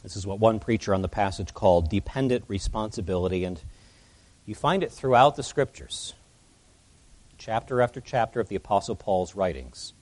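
A man's voice: fairly low pitch, moderate pace, a little mellow. A man preaching an expository sermon as pastor, earnest and emphatic, his voice rising and falling as he presses his points.

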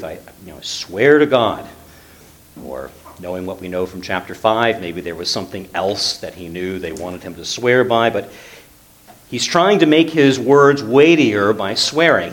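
A man with a voice on the low side works through a Bible passage in a conversational manner, heavy on fillers and animated emphasis.

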